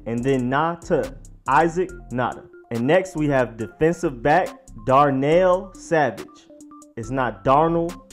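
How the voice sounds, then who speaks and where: A man hosting a sports vlog, casually explaining how to pronounce names, slowly spelling out each one and repeating it. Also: mid-range voice. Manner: slowly sounds out each name, then repeats it. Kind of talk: pronunciation guide, casual explainer.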